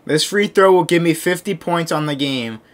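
A young man commentating his own basketball gameplay, ranting and yelling at his teammates and the game, overheated and sweating in a hot room. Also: on the high side, normal speed. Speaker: gaming video creator.

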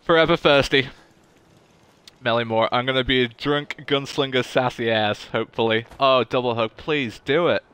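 Young male streamer, casual gaming chat; bright, crisp voice. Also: mid-range voice, steady tone, moderate pace, few pauses. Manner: chatty, goofy, talks to chat.

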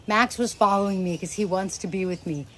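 A woman's voice: medium pitch, a little fast, fairly bright tone, poor audio. A middle-aged woman at home chatting casually about her parrots, rambling and affectionate, sometimes breaking off to talk to her birds. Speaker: parrot owner and channel host. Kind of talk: casual chat to camera.

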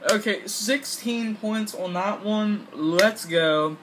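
A man giving casual gameplay commentary, excitable, talking back to the game, swearing and laughing. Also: sits high, extremely slow, slight background noise, rough recording. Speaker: gaming channel host.

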